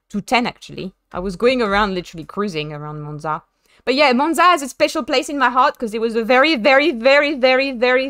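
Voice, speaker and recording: A woman's voice: fairly high pitch, a bit bright, no room sound, clean studio sound. A young woman with a French accent chatting casually with her chat while sim racing, self-mocking and given to dramatic voiced asides. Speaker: streamer.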